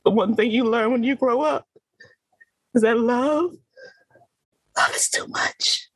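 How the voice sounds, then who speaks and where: A woman's voice: fairly high pitch, unhurried, slightly rough, no room sound, voice pushed up, low-quality recording. A woman performing a dramatic monologue as a grown daughter wounded by her mother's love, pleading and rising into anguish.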